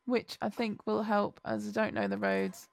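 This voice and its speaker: A woman co-hosting a podcast in casual chat. She is excitable and laughs often. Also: mid-range voice, moderate pace, creaky, no echo. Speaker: podcast co-host.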